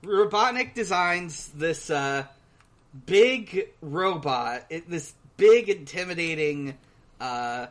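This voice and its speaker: A man co-hosting a podcast in casual chat, recapping a cartoon in a hesitant, halting way full of pauses. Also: fairly high pitch, expressive, fairly bright tone. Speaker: podcast co-host.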